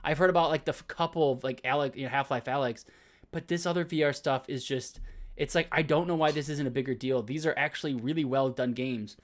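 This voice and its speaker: A man co-hosting a gaming podcast, talking in casual, excited, rambling bursts. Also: medium pitch, fast talker. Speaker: podcast co-host. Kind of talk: casual chat.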